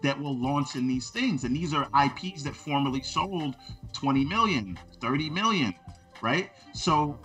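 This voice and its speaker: A man's voice: fairly high pitch, expressive, measured pace, fairly bright tone, soft background music. A man co-hosting a gaming podcast in casual talk, arguing his points at length with examples, a father with kids. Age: adult father of children. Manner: argumentative, builds points with examples. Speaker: podcast co-host.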